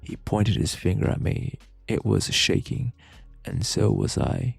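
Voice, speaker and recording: A man narrating a story in a soft ASMR whisper, a whispered role-play. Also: on the low side, animated, measured pace, gravelly, husky, dry recording, soft background music. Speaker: ASMR streamer.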